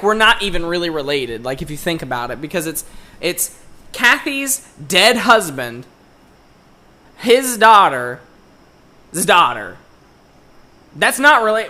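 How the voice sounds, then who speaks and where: A young podcast co-host with a bright, sharp-edged voice tells a story as a casual rant. He swears constantly and sounds exasperated throughout. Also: high voice, very animated, moderate pace. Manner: profane, exasperated ranting. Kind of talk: casual chat, ranting story.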